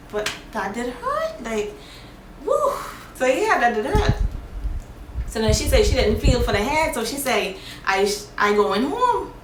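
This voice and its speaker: A woman vlogger telling a personal story in a casual, animated, plain-spoken way. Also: on the high side. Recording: echoey room, faint background noise.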